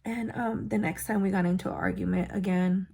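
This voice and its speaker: A woman's voice: mid-range voice, fairly even intonation, a little fast, vocal fry, a little mellow, breathy edge. A woman vlogger candidly recounting her own life story, with frequent fillers and blunt swearing. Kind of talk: personal storytelling.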